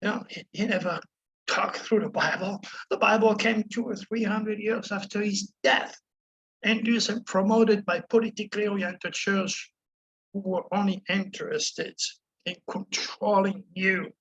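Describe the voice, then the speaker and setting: A man's voice: high voice, fairly even intonation, unhurried, fairly bright tone, dull audio, slight background noise. A man speaking as an astrologer to his viewers, in a preachy, impassioned monologue that keeps calling the listener "my friend". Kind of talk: passionate monologue to camera.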